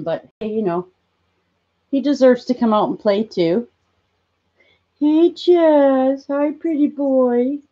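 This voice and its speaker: A woman hosting a casual live stream, cooing at her pet in high baby talk between plain explanations. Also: lo-fi sound.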